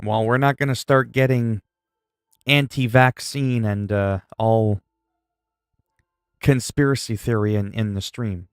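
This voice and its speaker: A man's voice: fairly low pitch, fairly even intonation, unhurried, long pauses, clean tone, no room sound, clean studio sound. A man, livestreaming and chatting casually while gaming, rambling and joking playfully. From Canada.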